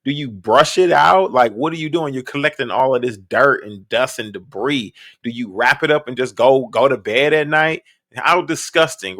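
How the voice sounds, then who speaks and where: Male reaction host, crisp bright tone, close dry mic, blunt and emphatic. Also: a little high, no room sound. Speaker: podcast host. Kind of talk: reaction commentary.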